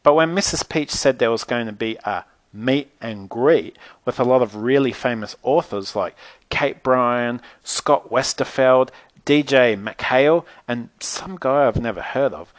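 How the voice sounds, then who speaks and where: A man reading a chatty, first-person storybook aloud with lively, animated delivery. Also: mid-range voice, dry recording. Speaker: narrator.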